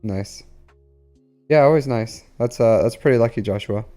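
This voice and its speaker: A man's voice: medium pitch, normal speed, dark tone, soft background music. A man streaming a game live, chatting casually with viewers in a rambling way full of fillers. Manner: rambling, filler-heavy, talks to chat.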